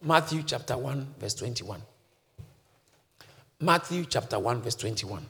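A male pastor preaching a sermon, swinging from quiet teaching to shouted calls that the congregation answers. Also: medium pitch, animated, unhurried, vocal fry. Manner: congregation shouts back responses.

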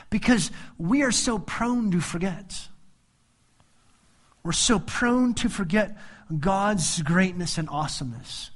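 A man's voice: high voice, fairly bright tone. A man preaching a sermon on a Bible passage, who explains each verse and acts out the quoted voices with humor. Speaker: pastor.

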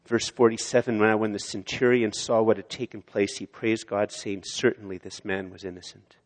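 A man preaching a sermon in a church, swelling loud on key lines and dropping low and quiet on others. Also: little pitch movement, normal speed. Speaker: pastor. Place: church sanctuary. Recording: long hall reverb of a church.

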